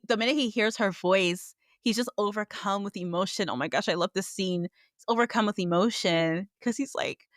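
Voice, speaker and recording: A woman co-hosting a casual review podcast, animated and acting out characters' lines as she retells scenes. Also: medium pitch, no room sound, studio quality. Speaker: podcast co-host.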